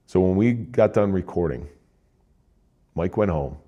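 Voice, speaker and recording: A man's voice: low voice, moderate pace, long pauses, warm tone, lo-fi sound. An older man from New Jersey, a retired police officer, telling a somber personal story in a plain-spoken way.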